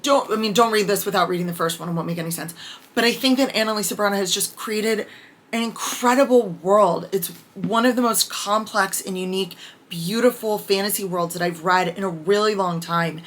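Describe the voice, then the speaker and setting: A woman giving a casual book review vlog, candid and excitable, reading out her notes with bursts of swearing. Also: medium pitch, brisk.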